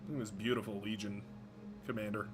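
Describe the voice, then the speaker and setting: A man's voice: on the low side, flat delivery, fast, music in the background. A man streaming a video game live, chatting casually and rambling, often stumbling over his own words.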